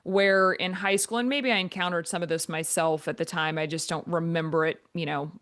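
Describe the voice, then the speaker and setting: A woman in her forties with a lowish, naturally monotone voice. She is a guest on a podcast interview and talks in long, loose stories full of "um" and "like," telling them at an easy pace. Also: brisk. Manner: talks in long flowing answers with many fillers. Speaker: guest, volleyball coach.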